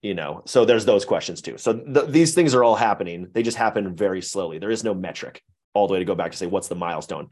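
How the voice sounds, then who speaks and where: Deep-voiced man talking candidly. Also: fast, a little mellow. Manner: rambling, candid, self-correcting. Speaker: guest, web series creator. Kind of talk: casual podcast conversation.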